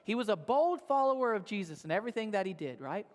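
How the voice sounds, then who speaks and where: With a voice that sits high, this pastor is very animated and talks fast, telling his sermon story conversationally and punctuating lines with "right?". He's recorded in a church auditorium with long hall reverb.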